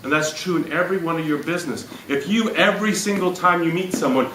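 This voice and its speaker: Energetic man giving a motivational talk. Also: fairly high pitch, fast talker, roomy sound, distant mic, a little hiss or hum, low-quality recording. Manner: energetic, jokey, addresses the crowd with questions. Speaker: speaker at a business event. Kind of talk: motivational talk to a live audience. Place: event room before an audience.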